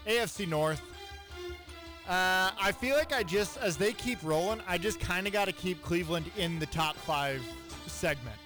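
A man hosting a sports radio show in casual, joking talk with quick asides. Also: high voice, animated, over music.

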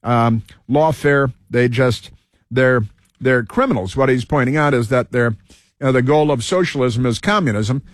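A man's voice: medium pitch, normal speed, dry recording, studio quality. A man hosting a talk show, rambling and digressive, stumbling over words with lots of fillers. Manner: digressive, stumbling, repeats himself with many fillers. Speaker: radio talk show host. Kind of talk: rambling opinion monologue.

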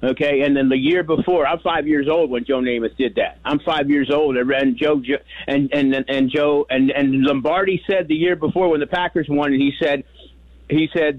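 An older man from New York calling in over a tinny, dry phone line. His voice sits slightly high, and he rambles through his stories with many restarts. He keeps the telling animated as he goes. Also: moderate pace, no room sound. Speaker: caller. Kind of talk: call-in radio chat.

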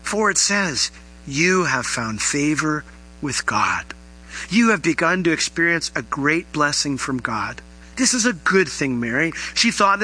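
A man preaching a sermon as pastor, animated, his voice rising high on emphatic questions. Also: moderate pace, poor audio.

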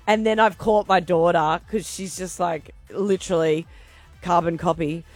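A woman's voice: medium pitch, steady tone, unhurried, faint music behind. A woman co-hosting a breakfast radio show. She chats in a playful way, asks callers questions and shares stories of her own. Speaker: radio co-host.

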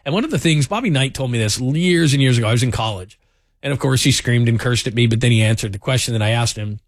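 A man's voice: mid-range voice, fast talker, no room sound, studio quality. A man hosting a sports talk radio show, telling stories in a chatty way with lots of fillers. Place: radio studio. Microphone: studio microphone.

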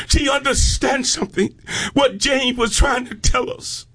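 A man preaching a fervent sermon, rising into shouted peaks and stretching out his phrases. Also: very high voice, unhurried, husky.

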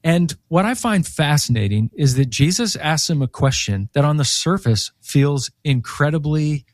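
Animated storytelling man, dry studio sound. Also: fairly high pitch, normal speed, no room sound. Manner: animated storyteller, acts out quoted voices. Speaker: author guest. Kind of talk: faith radio interview.

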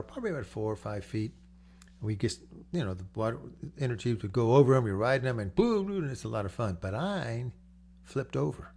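A man's voice: lowish voice, a little mellow, a little hiss or hum. An older man preaching a sermon in a conversational, storytelling way, acting out the voices he quotes. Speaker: pastor.

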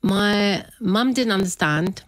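A woman's voice: mid-range voice, slow pace, no room sound. A middle-aged woman in a casual interview, chatting and laughing often as she acts out what others said. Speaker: guest telling her story.

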